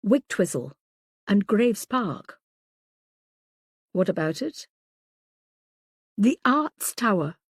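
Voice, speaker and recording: A woman's voice: medium pitch, big pitch swings, husky, dry recording, studio quality, exaggerated voice. Woman reading as an urgent male detective. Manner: tense, hurried.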